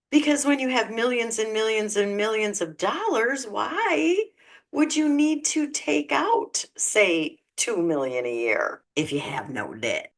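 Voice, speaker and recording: A woman hosting a reaction commentary, exasperated and sarcastic, swinging between loud outbursts and quiet remarks. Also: on the low side. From United States. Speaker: channel host reacting to clips.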